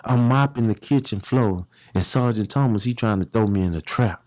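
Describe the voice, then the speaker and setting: A man's voice: lowish voice, moderate pace, a little mellow, no echo. A middle-aged man telling prison stories in an interview, acting out other people's voices as he goes. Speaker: guest, former gang leader. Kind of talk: storytelling in a podcast interview.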